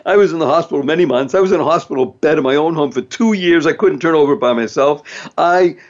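A man's voice: fairly high pitch, fast, lo-fi sound. A man hosting a motivational talk show, speaking in an upbeat, emphatic way and playing with words. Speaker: host.

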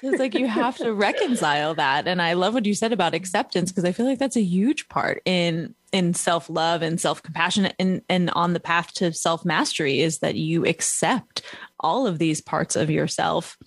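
A woman's voice: fairly low pitch, normal speed, no echo. A woman with a New York accent hosting an interview, affirming her guest and laughing often. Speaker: podcast host. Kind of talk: casual interview.

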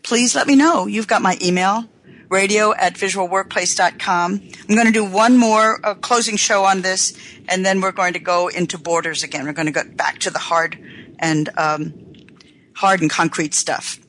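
An earnest woman hosts her radio show from a studio mic. She talks in an unhurried way and stretches out the words she wants to stress. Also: medium pitch, fairly even intonation, fairly bright tone, a little hiss or hum, poor audio. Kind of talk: reflective talk-radio monologue.

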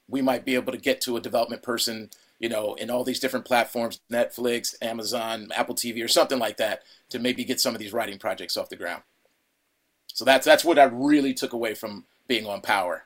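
A middle-aged man, an actor, telling a story in an interview with many restarts and fillers, now and then acting out a shouting director. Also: medium pitch, fairly quick. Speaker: actor guest. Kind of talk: casual interview anecdote.

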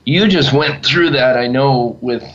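A man who is a youth leader, telling earnest stories in a casual chat and pausing often to find his words. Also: medium pitch, a bit bright, slight background noise. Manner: earnest, halting storytelling. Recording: dull lo-fi sound.

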